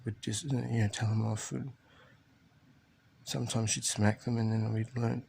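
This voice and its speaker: A father telling a tender family story in a halting, rambling way, recorded in an airplane cabin. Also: on the low side, level tone, gravelly, a little mellow, slight background noise. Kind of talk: rambling personal video diary.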